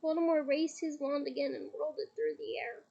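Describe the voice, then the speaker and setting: A woman reading a novel chapter aloud in a steady, deliberate storytelling manner. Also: high-pitched, vocal fry, dull audio. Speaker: reader. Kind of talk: audiobook reading.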